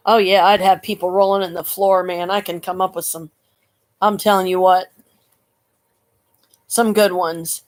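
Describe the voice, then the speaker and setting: A woman chatting in a rambling vlog monologue, laughing often and cursing with folksy slang, recorded on a computer webcam. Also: mid-range voice.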